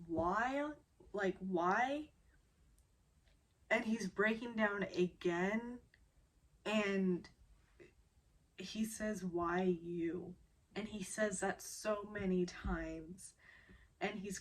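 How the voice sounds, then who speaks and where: Woman doing a drama recap, slow and chatty, keeps almost crying, middle pitch. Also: fairly bright tone. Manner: emotional, holding back tears; chatty and informal.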